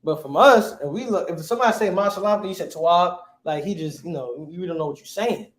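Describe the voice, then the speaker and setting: A man's voice: high-pitched, quick pace. A man teaching a class in a casual, slangy way, quizzing his students. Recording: echoey room.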